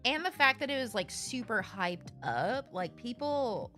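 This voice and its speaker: A woman live streamer chatting casually with her viewers, blunt and animated and swearing freely, into a streaming microphone. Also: a little high, unhurried, soft background music.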